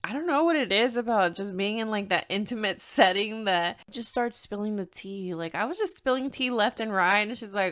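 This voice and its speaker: A woman's voice: medium pitch, moderate pace, hardly any pauses, a bit bright. A young woman with a Mexican-American accent chats through her solo podcast, candid and easygoing. She drops Spanish into her English as it comes to her and laughs often along the way. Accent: Mexican-American English with Spanish code-switching. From United States, Mexican-American. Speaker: podcast host. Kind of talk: casual solo podcast chat.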